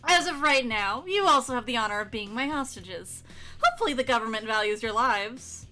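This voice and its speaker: A woman's voice: a little high, expressive, a little fast, sharp tone, soft background music. A woman voicing a theatrical male supervillain, reading his lines in a hammy, declamatory way. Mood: imperious.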